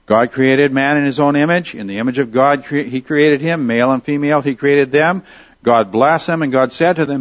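A man's voice: mid-range voice, normal speed, no echo, highs cut off. A man teaching a Bible lesson in a conversational way, asking his listeners questions and reading Scripture aloud. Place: at a desk with Bible and notes on screen.

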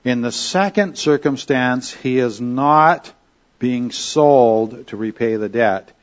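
A man's voice: mid-range voice, slow, lo-fi sound. A man teaching a Bible study lesson in a conversational way. He often checks in with his listeners with "okay?" and "all right?".

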